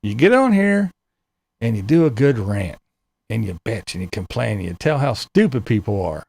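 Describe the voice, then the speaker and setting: A man's voice: lowish voice, sing-song, normal speed, creaky, darkish tone. A man hosting his own channel, delivering a profane, exasperated rant straight to his viewers. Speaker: channel host. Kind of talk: ranting vlog monologue.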